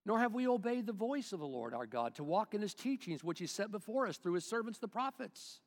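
Pastor guy preaching hard, gets loud then drops quiet, kinda high voice, church echo hanging on. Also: sing-song, fairly quick. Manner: dynamic preaching that swings between loud and hushed; calls on the congregation to respond. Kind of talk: sermon.

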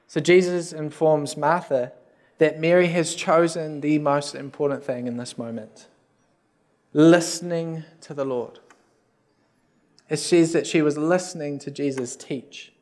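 A youth pastor preaches in a high, light voice. His delivery is casual and conversational, with joking, self-deprecating asides to the listeners. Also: fairly even intonation, a little slow, a little mellow. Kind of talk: sermon.

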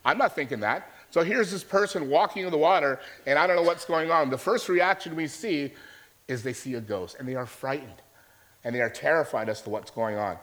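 A man preaching to his congregation, his voice sitting a little on the high side. He tells the story as a conversation, often pausing to check that his listeners are following him. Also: fairly bright tone. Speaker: pastor. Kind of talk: sermon.

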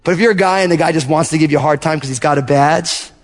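A man pastor preaching a sermon, telling animated stories and acting out little asides to his congregation. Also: on the high side, fast, long reverb tail. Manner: animated storytelling with acted-out asides.

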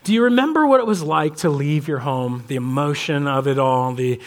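A middle-aged man gives a sermon in a notably high voice. He tells anecdotes from home and plays out the conversations as he goes. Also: moderate pace. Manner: storytelling, acts out family dialogue. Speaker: pastor.

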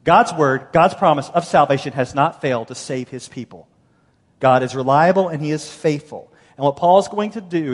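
A man preaching a sermon, reading scripture aloud and explaining it with animated emphasis that swings between loud and hushed. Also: fairly high pitch. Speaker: pastor. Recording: long hall reverb.

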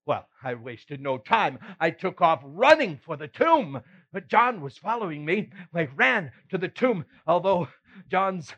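A folksy fisherman apostle, played by a man, recounts his tale in the first person with a fairly high voice that swoops up and down. He takes his time and laughs along as he goes. The recording sounds dull and lo-fi. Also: big pitch swings, a little slow, a bit bright, heavily acted. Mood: animated. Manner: chuckling, folksy storyteller. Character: the apostle Peter, a middle-aged fisherman telling his story. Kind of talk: first-person dramatic monologue.

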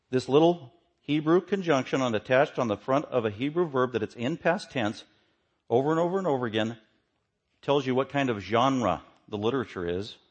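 A man's voice: medium pitch, husky. Emphatic male pastor preaching. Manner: emphatic, swings from loud to hushed. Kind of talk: sermon.

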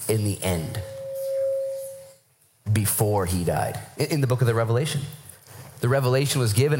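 A male pastor preaching a sermon and telling stories with acted-out quotes. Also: lowish voice. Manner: animated storytelling with acted-out quotes.

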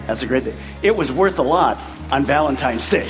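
A man's voice: medium pitch, animated, moderate pace, music in the background, a crowd in the background. A male pastor preaching to his congregation in an emphatic, conversational style full of rhetorical questions. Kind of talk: sermon. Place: large church sanctuary. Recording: long church-hall reverb.

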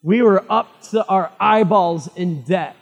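A male pastor delivers a sermon in a high, husky voice that rings out in a hall with a long reverb. He retells the story dramatically, climbing loud and fervent, then dropping to a hush. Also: unhurried.

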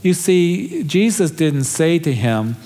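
A man's voice: on the high side, very animated, takes it slowly, dark tone. A man preaching a sermon, earnest and emphatic, pressing his appeals with rising conviction. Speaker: pastor.

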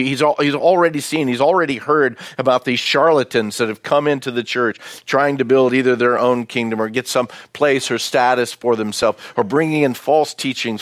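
A man's voice: mid-range voice, dry recording. Male pastor, folksy conversational sermon, dry close sound. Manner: folksy, conversational preaching with asides to the congregation.

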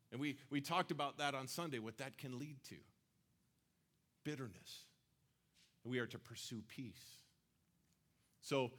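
A man's voice: mid-range voice, fairly bright tone. A man preaching a sermon in a conversational way, now and then acting out quoted voices. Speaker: pastor.

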